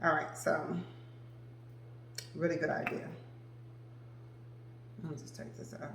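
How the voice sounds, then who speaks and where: A woman's voice: sits low, completely flat delivery, a little slow, vocal fry, reverberant, noisy background. A woman in her forties reviewing perfumes in a casual, chatty way, gushing and addressing viewers as "girl" and "y'all". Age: 40s. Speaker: vlogger reviewing fragrances. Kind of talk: casual chat to camera.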